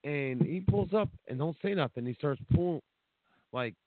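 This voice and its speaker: A man co-hosting a casual talk show tells a rambling, profane story full of false starts. His pitch swings in a lively way. The sound is dry and thin, like a phone line. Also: moderate pace, dry recording. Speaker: co-host. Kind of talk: casual podcast chat.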